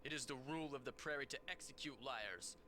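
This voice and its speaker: A man's voice: mid-range voice, fast, sharp tone, slight background noise, lightly acted. A man voicing a stern male warrior of a plains tribe, accusing and severe, in game voice-over outtakes.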